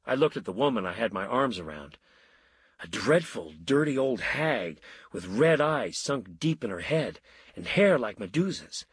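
A man narrating a story in an expressive audiobook style, voicing all the characters. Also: medium pitch, unhurried, slightly rough, no echo.

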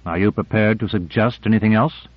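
A man's voice: fairly low pitch, fairly even intonation, brisk, no room sound, lightly acted. A man reading a terse, defensive agent. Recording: dry narrow phone-like audio.

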